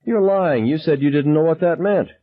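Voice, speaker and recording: A man voicing a frantic teenage gunman who shrieks his questions in high, shrill bursts. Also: normal speed, natural voice. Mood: shrill, menacing. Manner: high, shrill interrogating shouts. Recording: dull lo-fi sound.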